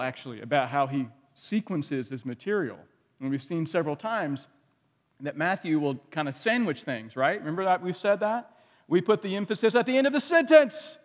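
In a big-room acoustic, a pastor with a high-pitched voice preaches conversationally, often turning to his listeners with questions.

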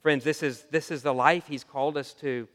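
A man preaches to his congregation with earnest, animated storytelling and a slightly high voice. His words ring out with a long reverb from a large hall. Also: moderate pace. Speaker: pastor. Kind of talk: sermon.

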